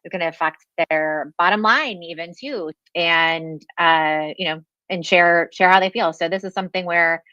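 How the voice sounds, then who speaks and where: A woman with a low but bright voice speaks earnestly in a radio interview. She pauses often with ums and uhs. The sound is dull and dry. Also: no room sound. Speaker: guest from an advocacy coalition.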